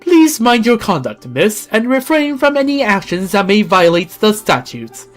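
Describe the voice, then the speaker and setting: A reader voicing a stiff, formal guardian machine that speaks in a clipped, deadpan, legalistic way, in a fan reading of game dialogue. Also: mid-range voice, moderate pace, soft background music, voice pushed up, natural voice. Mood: stern.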